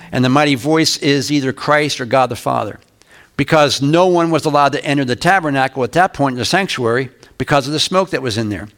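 An older man preaching a verse-by-verse Bible lesson, reading scripture aloud slowly and turning to the congregation with conversational asides. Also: medium pitch, fairly bright tone. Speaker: pastor. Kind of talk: Bible teaching sermon.

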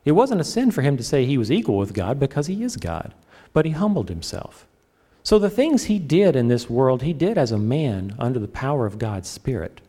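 A middle-aged man preaching a sermon, animated and joking, acting out his own prayers. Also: medium pitch, brisk, hardly any pauses, breathy edge. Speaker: pastor.

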